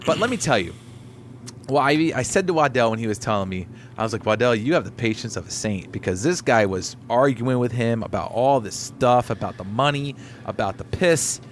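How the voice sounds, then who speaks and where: A man's voice: mid-range voice, brisk, a little hiss or hum. A man co-hosting a podcast, telling stories in casual, profane chat and acting out the people in them. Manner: animated storytelling with swearing and put-on quotes. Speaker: podcast co-host, delivery driver.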